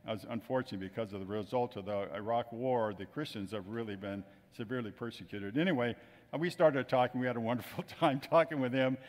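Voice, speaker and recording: A man's voice: medium pitch, fast talker. A man telling chatty anecdotes to a gathering, acting out the voices of the people he quotes. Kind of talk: casual storytelling talk. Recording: long reverb of a hall.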